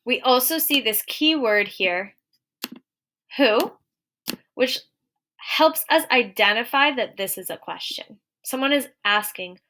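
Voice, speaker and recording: Young woman teacher doing a video lesson for little kids, bright clear voice, slows way down reading the examples. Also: on the high side, expressive. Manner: clear, encouraging, slows to read example sentences aloud.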